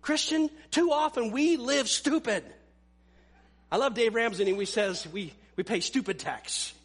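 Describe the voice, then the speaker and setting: Male pastor, high-pitched, emphatic sermon delivery with hushed asides. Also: a little slow, breathy edge.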